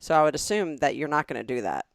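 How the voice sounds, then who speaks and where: A woman from Alabama in her forties, co-hosting a casual sister podcast and firing off quick questions and reactions. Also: sits low, big pitch swings, dry recording, clean studio sound. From Birmingham, Alabama. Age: 40s. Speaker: podcast co-host.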